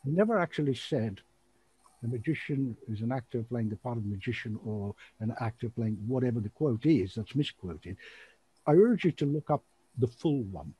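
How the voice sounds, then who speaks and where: Husky, rambling male host. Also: mid-range voice, moderate pace. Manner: rambling, animated, laughs often, name-drops. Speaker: show host and magician. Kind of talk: casual chat on an online show.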